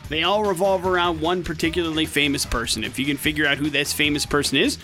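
A man's voice: a little high, bright, forceful tone. A man hosting a morning radio show, upbeat and jokey, running call-in games and reading promos in a studio. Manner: upbeat, quick, jokey, reads phone number and promos. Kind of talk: casual morning radio banter.

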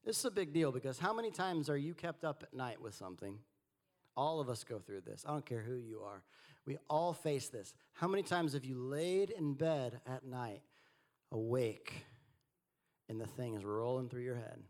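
A man preaching a sermon, swinging between quiet asides and animated, rising delivery. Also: normal speed. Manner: animated preaching, rising and falling in pitch and volume. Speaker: pastor.

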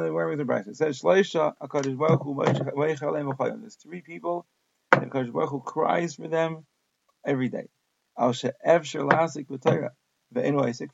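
Gravelly male Talmud teacher, reads then translates, dry close sound, dull audio. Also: a little high, no room sound. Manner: reads Aramaic text then translates in casual English. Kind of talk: daf yomi Talmud lesson.

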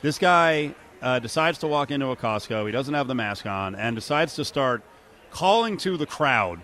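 A man hosting a casual talk radio show, animated and joking. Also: normal speed. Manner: animated, mocks quotes in high voices, laughs.

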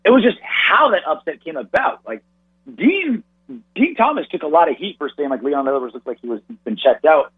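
A man breaking down a fight in a quick, animated, analytical way, often restarting his sentences. His voice comes through husky and narrow, like a phone call, with no room sound around it. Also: a little high, dry recording. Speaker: radio and podcast host, guest analyst. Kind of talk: casual sports analysis.

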